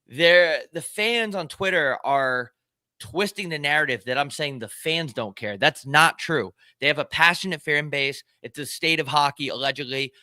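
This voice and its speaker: A man co-hosting a loose podcast chat, ranting hard and swearing freely. His voice is bright and forceful, a touch high for a man, and sits in a dry, close sound. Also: normal speed, dry recording. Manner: fired-up, profane ranting. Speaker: podcast co-host. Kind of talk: casual chat.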